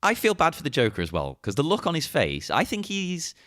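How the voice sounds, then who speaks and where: A man's voice: a little high, huge pitch swings, fairly quick, fairly bright tone, no room sound, studio quality. A man co-hosting a podcast, talking about a film with wry, playful, mock-serious humor. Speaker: podcast co-host. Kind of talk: casual film chat.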